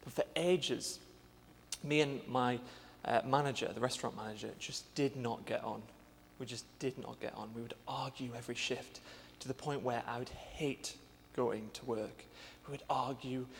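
Young guy, gravelly voice, hesitant testimony, echoey hall, faint hum. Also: mid-range voice, fairly even intonation, moderate pace. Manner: earnest, hesitant, with many fillers. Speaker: church intern sharing a testimony. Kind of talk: personal testimony.

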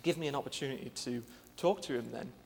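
Gravelly young Englishman telling a testimony. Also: mid-range voice, quick pace, long reverb tail, a little hiss or hum. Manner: earnest, hesitant, with many fillers. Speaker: church intern sharing a testimony. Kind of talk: personal testimony.

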